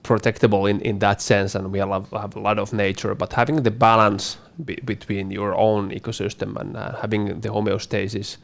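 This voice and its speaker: A man's voice: on the low side, little pitch movement, normal speed, vocal fry, hardly any pauses. A man co-hosting a casual Q&A, speaking hesitantly with repeated words and fillers. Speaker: co-host. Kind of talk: casual panel Q&A.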